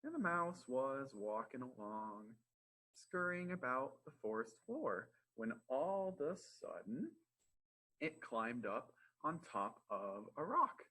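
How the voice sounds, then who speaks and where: A young man reads stories aloud to preschool children in a bright, lively voice. There is a slight husk in his tone. He pauses to explain words and encourage his young listeners. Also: medium pitch, low-quality recording. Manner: animated, friendly, encouraging. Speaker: library storytime reader.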